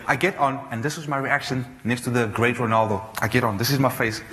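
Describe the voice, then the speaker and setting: A man in his thirties from South Africa, giving an animated storytelling talk on stage, full of restarts and fillers. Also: mid-range voice, quick pace. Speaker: speaker. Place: large auditorium. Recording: reverberant hall, faint noise.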